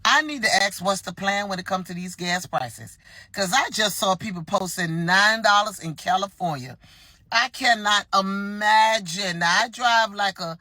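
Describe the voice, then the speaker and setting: Bright-voiced exasperated woman from Miami. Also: mid-range voice, a little slow, no echo. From Miami, Florida. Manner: dramatic, exasperated. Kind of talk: casual vlog complaint.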